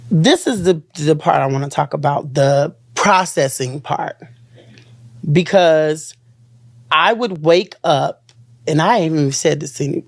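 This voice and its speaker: An interview guest recounting a painful experience in an earnest, halting way, with sentences that trail off and start again. The voice sits mid-pitch, and the recording is dry and close with no room sound. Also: gravelly, no room sound. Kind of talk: emotional personal account in an interview.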